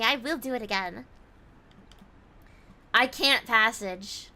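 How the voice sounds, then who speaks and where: Woman, streamer, chatty, reads out and answers comments, bright tone. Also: fairly high pitch, slow pace. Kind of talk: casual chat while gaming.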